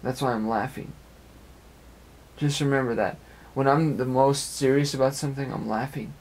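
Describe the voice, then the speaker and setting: With a darkish, medium-pitched voice and fairly even intonation, a young amateur web radio speaker rambles earnestly about personal matters at a moderate pace, repeating phrases. He's in an apartment, with slight background noise.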